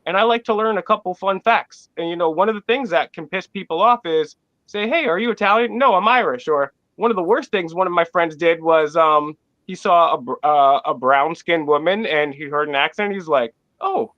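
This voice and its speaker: A high-pitched man with a bright, forceful voice co-hosts a casual panel talk. He jokes and acts out quick mock exchanges. The sound is dry and a little dull. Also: dry recording. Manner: joking, animated, acts out mock dialogues. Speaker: podcast co-host.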